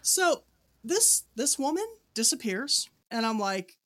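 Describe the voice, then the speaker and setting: A woman's voice: on the high side, takes it slowly. Lady co-host telling a spooky story, does little voices for the people in it. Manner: animated storyteller, acts out ghost dialogue. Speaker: podcast co-host. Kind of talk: casual storytelling chat.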